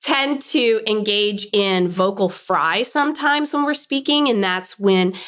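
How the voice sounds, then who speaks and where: A woman in her forties, a lawyer, speaking as an interview guest in an articulate, measured, explanatory way. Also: medium pitch, fairly bright tone. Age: 40s. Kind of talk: casual interview. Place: hair salon.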